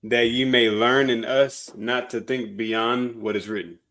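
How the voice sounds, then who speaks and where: A man reading Bible verses aloud in a plain, steady way during a sermon. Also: medium pitch, unhurried. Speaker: scripture reader.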